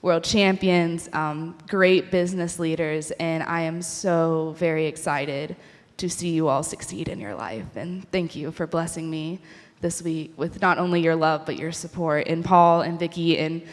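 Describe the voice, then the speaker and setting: Woman, graduation speech, heartfelt, pausing, somewhat low voice, long hall reverb. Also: fairly even intonation. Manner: heartfelt, pausing, laughing between thanks. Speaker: graduating student giving a speech.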